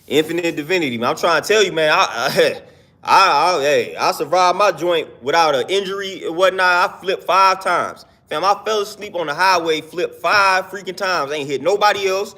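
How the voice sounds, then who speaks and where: A man's voice: high voice, normal speed, bright, forceful tone. A young man in his twenties talking earnestly in a casual live-stream monologue, slangy and repeating himself for emphasis.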